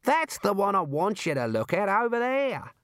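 A man's voice: high voice, big pitch swings, moderate pace, a bit bright, clean tone, dry recording, clean studio sound, pitched above the performer's own voice. A man voicing a wily, chummy male talking kangaroo, coaxing and knowing in manner.

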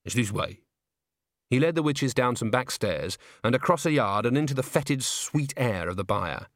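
A man narrating a story aloud in an expressive, scripted reading. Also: mid-range voice, moderate pace, no echo, studio quality. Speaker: audiobook narrator.

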